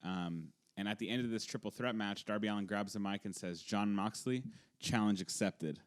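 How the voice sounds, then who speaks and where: A man's voice: fairly low pitch, quick pace. A man co-hosting a podcast, chatting casually and cracking offhand, wry jokes. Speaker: podcast co-host. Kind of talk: casual chat recapping wrestling.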